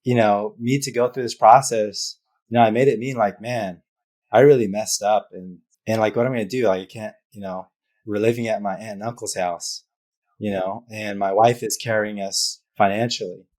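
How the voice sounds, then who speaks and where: A man with a fairly low voice shares a painful story as a guest on a business interview show. He talks openly and from the heart, leaning on fillers as he goes. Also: steady tone, normal speed, a little mellow. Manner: open and heartfelt, many fillers. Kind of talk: emotional personal story in interview.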